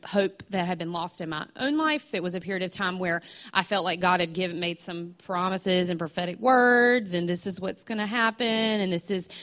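A woman's voice: medium pitch, a bit bright. Chatty woman preaching, slightly muffled recording. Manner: conversational, stops and restarts, asks the audience questions. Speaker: speaker at a church gathering. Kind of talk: informal sermon with storytelling.

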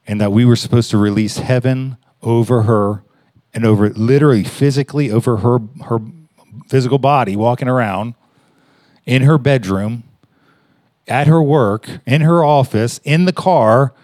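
A man preaching in a conversational way, telling a story with halting restarts and rising emphasis. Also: mid-range voice, a little mellow, no room sound, clean studio sound. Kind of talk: conversational sermon.

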